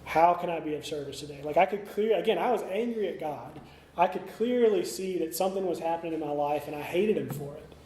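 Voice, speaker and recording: A man's voice: a little high, a little fast, mellow. A middle-aged man speaking at a recovery meeting, telling his story candidly with many fillers and restarts. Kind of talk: recovery talk. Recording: echoey meeting room, faint ambience.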